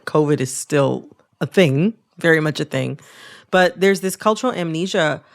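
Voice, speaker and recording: A woman hosting a public radio interview, speaking in a thoughtful, personal and measured way. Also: deep voice, expressive. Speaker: podcast host.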